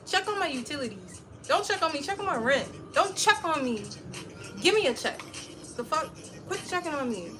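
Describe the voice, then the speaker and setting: Over a noisy background, a woman in her thirties sounds off to her livestream audience in a high-sitting voice. Her talk is casual, animated and blunt, packed with swearing.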